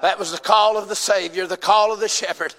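A man's voice: high-pitched, steady tone, a little fast, a bit bright, in a large hall. A man with a Southern US accent preaching a sermon, folksy and emphatic, calling out to his congregation.

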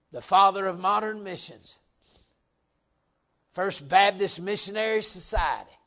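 Folksy preacher, joking and emphatic. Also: male voice, high-pitched, fairly bright tone. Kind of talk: folksy revival sermon.

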